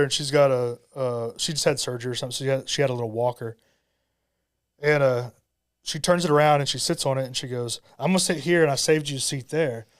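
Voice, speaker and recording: In a podcast studio, a man with a medium-pitched, clear and resonant voice chats casually while telling a long anecdote. He acts out what people said to him, using different voices for the quoted dialogue.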